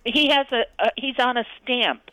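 Woman caller on a phone-in, bright tone, dry close sound, friendly and chatty. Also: fairly high pitch, no echo, rough recording. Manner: friendly, chatty, quick to laugh. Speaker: radio caller. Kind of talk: casual chat on a phone-in show.

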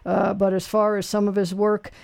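A man's voice: high-pitched, little pitch movement, normal speed, vocal fry, a little mellow. A man hosting a radio call-in show, chatting casually with callers and running a trivia quiz in a rambling, folksy way full of fillers.

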